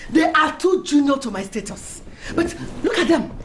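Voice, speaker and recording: An actress with a Nigerian accent playing a proud, domineering society lady who rages and shouts at her rivals. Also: high voice, animated, normal speed, noisy background. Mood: indignant. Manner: shouting, indignant, theatrical outbursts. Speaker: actor in a film. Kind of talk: melodramatic film acting. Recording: echoey room with music underneath.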